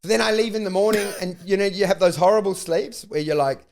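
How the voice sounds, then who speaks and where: An Australian man spins a profane, rambling comic anecdote on a podcast. His voice sits high for a man, with a gravelly, fry-laden edge running under the swearing. He rants with animated, punchy energy. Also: fast talker. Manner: profane, animated, rant-like storytelling. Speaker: comedian podcast host. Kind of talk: casual comedic storytelling.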